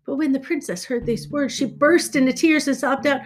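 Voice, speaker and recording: A woman reads a fairy tale aloud, measured and expressive. Her voice is fairly high. Soft guitar plays underneath. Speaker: storyteller. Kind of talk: storybook reading. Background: soft guitar music.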